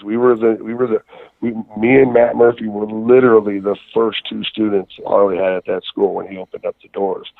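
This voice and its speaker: Calling in by phone over a tinny line, a guest wrestler with a fairly low-pitched voice tells rambling, profane stories full of fillers in a casual interview. There is no room sound.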